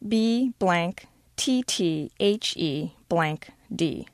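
An animated woman reading a story. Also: fairly low pitch, extremely slow, no room sound, clean studio sound. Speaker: reader. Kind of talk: reading a short story aloud.

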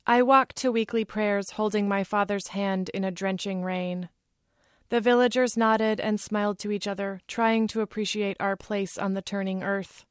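A woman author reading a passage from her own novel in a measured, unhurried literary manner. Her mid-pitched voice is recorded close and dry, with no echo of the room. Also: steady tone, smooth.

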